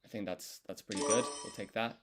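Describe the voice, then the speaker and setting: A man studying on a live stream, thinking aloud and correcting himself as he works through each character in a relaxed, casual way. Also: lowish voice, brisk, noisy background. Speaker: language learner streaming his study.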